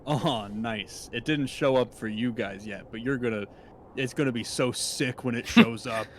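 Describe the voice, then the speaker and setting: A man in a mid-range voice chats casually as a player in a tabletop game. He is chatty and quick to agree. A faint hiss runs under the recording. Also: medium pitch.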